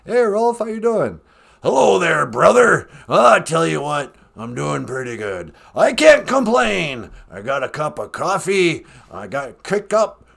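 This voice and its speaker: A man doing Rolf, a gravelly folksy dog. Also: fairly high pitch, sing-song, measured pace, fairly bright tone, exaggerated voice. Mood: relaxed. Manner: folksy and laid-back, drawling. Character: easygoing male dog puppet calling in. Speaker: caller.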